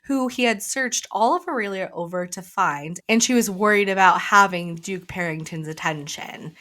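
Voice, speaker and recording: A woman co-hosting a book club podcast, summarizing chapters in a relaxed, casual way with lots of fillers. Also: medium pitch, normal speed. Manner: relaxed retelling with many "like" fillers. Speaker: podcast co-host.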